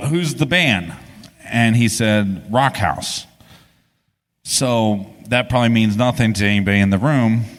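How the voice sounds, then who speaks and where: A man co-hosts a live podcast before an audience. His low voice rambles casually, full of restarts and swearing. The hall adds a long reverb tail. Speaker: podcast co-host. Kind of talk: live podcast storytelling on stage.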